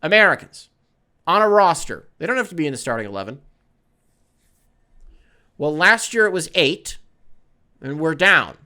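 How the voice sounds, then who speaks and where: Bright-voiced rambling podcast host man. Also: a little high, big pitch swings, moderate pace, pauses often, clear, resonant tone. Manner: rambling, joking, swears freely. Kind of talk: casual sports chat.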